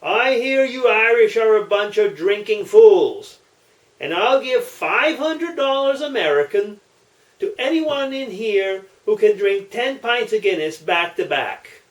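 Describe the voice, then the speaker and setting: A man doing a loud brash Texan. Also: high voice, wildly swooping pitch, unhurried, echoey room, voice pushed up, exaggerated voice, poor audio.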